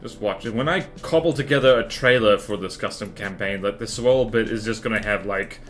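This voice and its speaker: A man's voice: lowish voice, fairly quick, a bit bright, faint music behind. A man chatting casually with his live-stream viewers while playing a game, rambling and laughing often as he answers chat.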